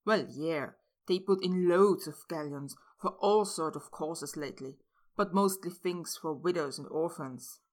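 A woman's voice: sits low, measured pace. A woman voicing a blunt, protective young man who talks plainly and casually.

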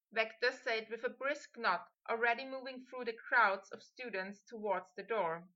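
A woman narrating a fan fiction audiobook with steady, intimate storytelling, on a slightly muffled recording. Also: a little high, moderate pace, hardly any pauses. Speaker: audiobook reader.

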